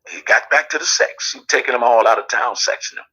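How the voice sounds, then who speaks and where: A man telling a personal family story as a guest, lively and acting out the quotes. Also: mid-range voice, fast, slightly rough, low-quality recording.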